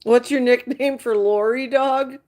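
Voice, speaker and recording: A woman's voice: fairly high pitch, fairly even intonation, measured pace, darkish tone. A woman hosting a live stream, gossiping casually with her viewers. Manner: chatty, gossiping, exasperated asides. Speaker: livestream host chatting with viewers.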